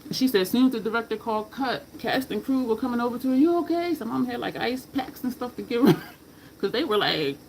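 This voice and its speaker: A woman's voice: fairly high pitch, fast, vocal fry, slight background noise, rough recording. Rambling woman vlogger chatting. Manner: rambling storyteller, laughs and curses freely. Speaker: makeup vlogger. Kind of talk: casual chat while doing makeup.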